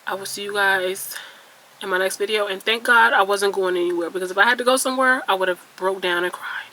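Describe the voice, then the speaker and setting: A woman's voice: mid-range voice, steady tone, fairly quick, bright, forceful tone, low-quality recording. A young woman, chatting casually and venting candidly to her viewers while doing her makeup at home. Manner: candid, venting, self-mocking, exclamatory. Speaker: beauty vlogger. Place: indoors at home, near a ring light.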